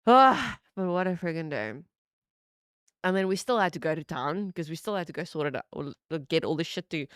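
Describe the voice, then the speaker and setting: A woman in her thirties streaming from home, telling a story in an animated way, laughing and swearing. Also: clear, resonant tone, dry recording, clean studio sound. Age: 30s. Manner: animated, laughing, swearing, lively pitch jumps. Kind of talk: casual storytelling chat.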